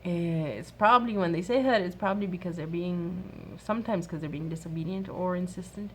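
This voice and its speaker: A woman in her thirties giving an earnest, soft-spoken faith-based advice talk to other mothers. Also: on the low side, fairly quick, slight background noise. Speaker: mom sharing a workshop talk.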